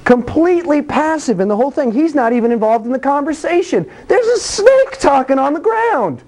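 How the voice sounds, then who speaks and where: A preacher giving a sermon, telling Bible stories in an animated, conversational and blunt way, acting out voices and sound effects. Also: high-pitched, brisk.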